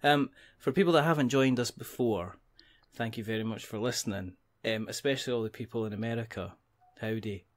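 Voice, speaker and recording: A man hosting a casual podcast chat, his voice sitting at an ordinary middle pitch. He jokes around, laughs easily and often restarts his sentences. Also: a little fast. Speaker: podcast host.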